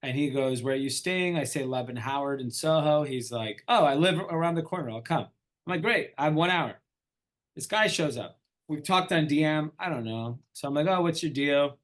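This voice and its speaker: A man's voice: fairly high pitch, moderate pace. A middle-aged man, an entrepreneur guest in an interview, telling a story casually and acting out the dialogue. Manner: animated storyteller, acts out quoted dialogue.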